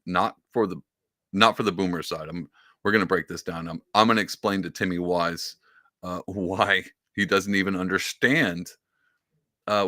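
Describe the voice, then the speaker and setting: Sarcastic man with a bright, dry voice. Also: sits low, no echo. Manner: sarcastic, reads posts aloud with heavy emphasis. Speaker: podcast host. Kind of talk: casual commentary.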